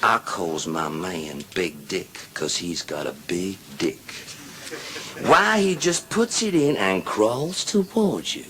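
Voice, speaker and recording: A man voicing a brash woman at a bar who boasts about her husband in a slow, drawling way. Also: sits low, lively intonation, sharp tone, pitched below the performer's own voice, heavily acted. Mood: boastful.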